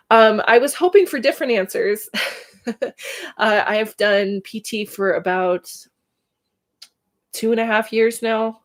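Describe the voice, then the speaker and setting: A woman in her 30s hosts a casual livestream, telling her own story candidly and emotionally and laughing between thoughts. Her voice is on the high side, measured in pace, with long pauses.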